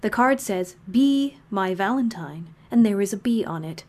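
A woman voicing a cheerful, macabre monster who hosts a fictional radio broadcast from under the bed, with a measured announcer delivery full of morbid relish. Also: mid-range voice, lively intonation, darkish tone, close to an everyday voice. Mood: hushed storytelling.

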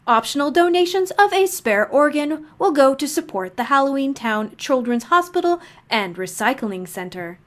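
A woman voicing a cheerful, macabre monster who hosts a fictional radio broadcast from under the bed, with a measured announcer delivery full of morbid relish. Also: sits high, sing-song, fairly bright tone. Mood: gleeful announcer.

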